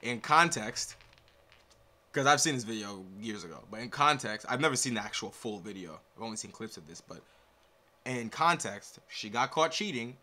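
Man, reaction host, casual profane commentary, lively pitch, bright tone. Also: normal speed, slight background noise. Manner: animated, profane, joking.

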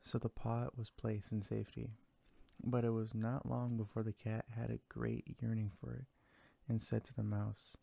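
A man narrating a fairy tale aloud in a steady, unhurried storytelling manner. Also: fairly low pitch, gravelly.

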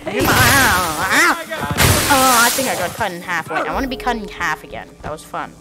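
A woman's voice: on the low side, expressive, fast. A woman giving silly, giggly gameplay commentary as host of her gaming channel. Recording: loud game music behind.

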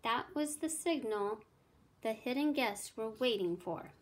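A woman teacher reading a children's math story aloud with clear, expressive storytelling. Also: fairly high pitch, a little slow.

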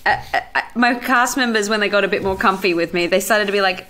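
A woman with an Australian accent, an actress chatting as a podcast guest and telling anecdotes in a quick, chatty way. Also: medium pitch, sharp tone. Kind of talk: casual chat.

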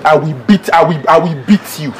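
A man with a Nigerian accent and a fairly high voice rattles off his lines at speed, playing a brash, threatening waiter in a comedy skit. Clear crowd chatter fills the background. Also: fairly quick. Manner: brash, threatening, mixes in pidgin.

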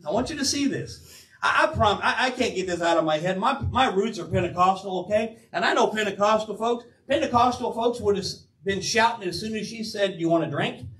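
An older man preaching an animated, emphatic sermon as pastor of his church, acting out quoted asides. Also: high voice, fairly quick. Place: church sanctuary. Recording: roomy church sound from a distance.

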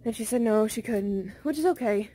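A tired young woman rambling casually to her phone camera in a vlog, sleepy and unhurried. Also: a little high, warm tone, breathy edge. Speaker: vlogger. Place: car, bed, then walking outdoors at night.

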